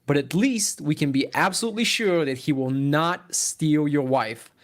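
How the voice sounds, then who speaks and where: A man delivers a mocking roast in a dry, deadpan tone. His voice sits a little high, and he reads it as a prepared message. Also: normal speed. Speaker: listener message writer. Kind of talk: reading a mocking listener message.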